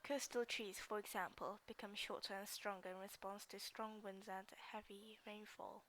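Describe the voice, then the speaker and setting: A woman reading practice sentences aloud as a student, halting, repeating and restarting words as she drills each phrase. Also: mid-range voice, flat delivery, fairly bright tone, slight background noise. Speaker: student practicing English speaking.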